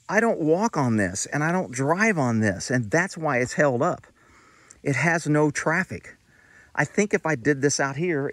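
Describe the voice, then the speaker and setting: A man talking casually outdoors at his horse paddock, explaining things step by step in a relaxed, chatty way. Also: medium pitch, no echo. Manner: chatty, explains step by step, scolds pets playfully. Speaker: horse owner vlogger.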